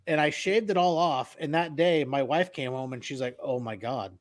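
A man's voice: on the high side, normal speed. A middle-aged man chatting on a podcast, telling rambling anecdotes and swearing casually. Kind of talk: casual chat.

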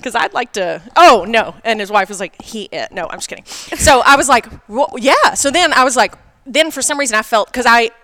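Bright, chatty woman podcast co-host. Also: a little high, fairly quick, no echo. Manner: animated storyteller, acts out quoted dialogue. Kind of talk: casual chat.

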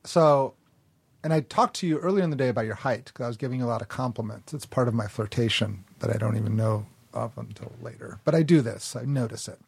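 A man's voice: mid-range voice, fast talker, vocal fry, a little mellow, husky, no echo. A man guesting on a podcast, telling stories in a rambling, self-deprecating, jokey way. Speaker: actor and guest. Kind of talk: casual chat.

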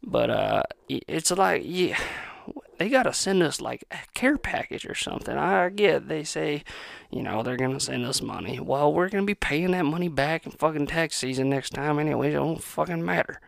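Profane rambling young man, gravelly voice. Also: on the high side, animated, normal speed, dry recording, clean studio sound. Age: 20s. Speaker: podcast host. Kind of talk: profane solo podcast rant.

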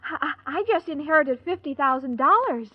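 A squeaky, scatterbrained girl. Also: expressive, brisk. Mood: innocent. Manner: naive and earnest. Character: scatterbrained, sweet young woman. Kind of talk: 1940s radio sitcom acting. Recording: dull old radio recording.

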